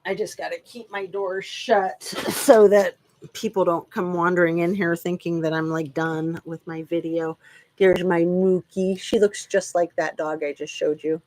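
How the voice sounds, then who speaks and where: Woman in her 50s chatting on a home stream, rambling, slightly low voice, talks to her dogs too. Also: flat delivery, measured pace, darkish tone, a little hiss or hum. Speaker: true crime channel host. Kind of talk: casual live-stream chat. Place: home room.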